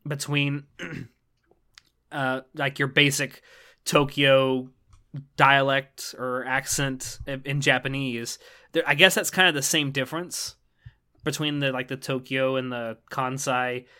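A man chatting casually as a podcast co-host, his voice bright and forward. He rambles along, filling pauses with ums and starting sentences over. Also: medium pitch. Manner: rambling, lots of ums and restarts. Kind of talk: casual chat.

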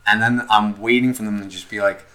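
Rambling, profane man, low voice. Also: a little fast, low-quality recording. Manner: profane, rambling, animated storytelling. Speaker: podcast co-host. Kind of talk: casual chat.

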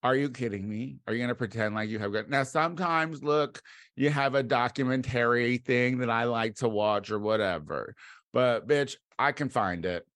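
A man from the United States delivering a casual comedic monologue as a podcast host. He rambles and swears, with sudden loud outbursts. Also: medium pitch, normal speed, dry recording, clean studio sound.

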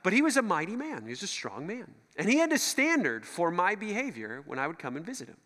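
A middle-aged male pastor preaching a sermon, animated and joking, acting out the voices he quotes. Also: high voice, fast. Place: church hall. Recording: church hall reverb.

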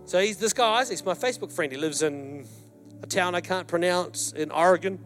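A male pastor preaching a sermon, telling a personal story with lively acted-out quotes to his congregation. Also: high voice, fairly quick, music in the background. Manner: animated storyteller, acts out quotes, addresses congregation. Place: church hall.

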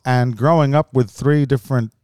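A man from Lebanon, a comedian guest in a casual podcast chat, telling stories with animated energy. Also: medium pitch, normal speed, no echo, studio quality.

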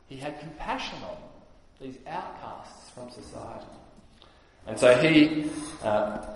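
A man preaching a sermon, explaining things earnestly with frequent pauses on "uh". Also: mid-range voice, slight background noise. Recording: echoey hall reverb.

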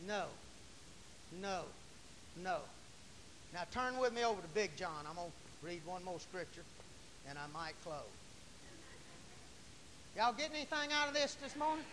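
A male Pentecostal preacher, folksy and fiery, preaching a sermon in church and shouting hallelujahs. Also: high-pitched, expressive, moderate pace, pauses often. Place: church sanctuary. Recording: long church reverb, faint hiss.

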